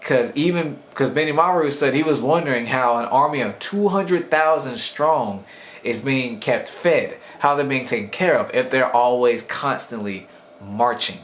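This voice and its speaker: A man's voice: mid-range voice, moderate pace, fairly bright tone, a little hiss or hum. A young man casually reviewing an anime episode in a rambling, slangy way, often acting out the characters' lines.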